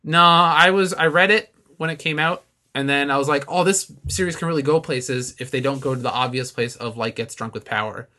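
A man's voice: fairly high pitch, a little fast, bright, forceful tone. A man co-hosting a casual podcast, laid-back and wry, often laughing. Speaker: podcast co-host. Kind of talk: casual chat.

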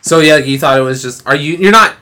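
A man co-hosting a casual podcast chat, lively and teasing, with frequent laughs. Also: on the high side, a little fast. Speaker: podcast co-host.

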